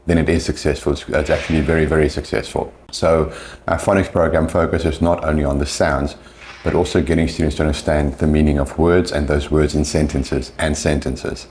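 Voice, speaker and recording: A man, an English teacher, explaining pronunciation patiently and slowing down to demonstrate sounds. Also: rumbling low, little pitch movement, darkish tone, a little hiss or hum.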